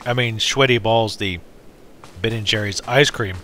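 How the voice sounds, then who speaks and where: A man's voice: on the low side, moderate pace, sharp tone, a little hiss or hum. A man hosting a let's play, giving casual, rambling, jokey commentary while he plays.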